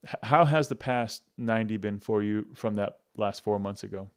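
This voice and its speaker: A man's voice: fairly low pitch, normal speed, clear, resonant tone. A man hosting a podcast interview, asking questions in an easygoing, jokey way. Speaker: podcast host.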